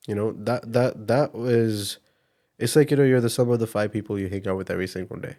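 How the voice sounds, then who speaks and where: Briskly and with a lowish voice, a young man from India recounts his story as a podcast guest in a relaxed interview. He speaks with an Indian accent, sounding upbeat and energetic and filling his speech with fillers.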